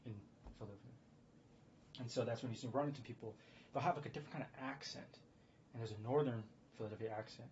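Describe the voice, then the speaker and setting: A man's voice: mid-range voice, darkish tone, a little hiss or hum. Rambling American man, muffled lo-fi sound. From United States. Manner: meandering, self-correcting, chuckles to himself. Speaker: streamer. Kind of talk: casual rambling monologue. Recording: slightly dull lo-fi sound with faint background ambience.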